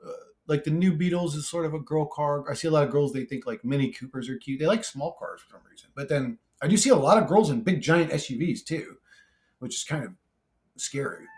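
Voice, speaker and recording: A man's voice: fairly high pitch, expressive, brisk, darkish tone. A man casually reading and answering viewer comments, brash and profane, rambling with many restarts and frequent laughter. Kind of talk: casual comment-reply monologue.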